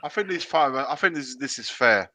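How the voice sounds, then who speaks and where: A man's voice: mid-range voice, expressive, normal speed, crowd noise. A man co-hosting a football fan show, reading out viewers' chat messages and cutting in. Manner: reads out chat messages, interjects. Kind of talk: casual chat.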